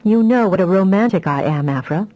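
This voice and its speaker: A woman's voice: medium pitch, expressive, highs cut off, lightly acted. Woman reading as a fiery young telepath. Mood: rueful. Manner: dramatic, quick-tempered.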